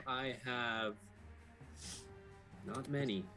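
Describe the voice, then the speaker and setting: A man's voice: lowish voice, normal speed, a bit bright, faint music behind. A man playing a tabletop game, talking through rules in a matter-of-fact way. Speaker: player. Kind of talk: casual tabletop game play.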